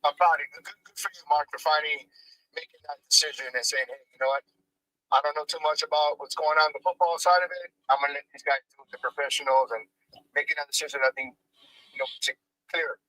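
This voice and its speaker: A man calling in to a live fan show, rambling quickly with many fillers. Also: a little high, steady tone, pushed and bright, no room sound, poor audio. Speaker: call-in guest. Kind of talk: casual live chat. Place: at work.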